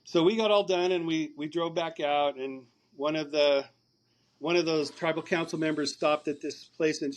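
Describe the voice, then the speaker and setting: A man, a podcast guest, telling a long story over a remote call, rambling and repeating words as he recounts conversations. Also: on the high side.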